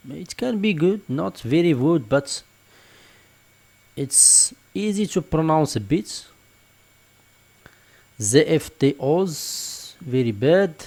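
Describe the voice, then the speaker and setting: A man's voice: a little high, expressive, slow pace, pauses often, warm tone. Man explaining steps in a screen tutorial. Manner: explanatory, repeats "for example" and "just like this". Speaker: online tutorial instructor. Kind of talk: screen-recorded tutorial walkthrough.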